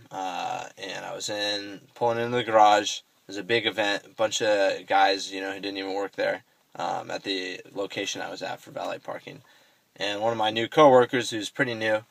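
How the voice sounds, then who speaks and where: A man's voice: low voice, vocal fry, fairly bright tone, low-quality recording. A young man vlogging, telling a personal story in a rambling, self-correcting way and swearing casually.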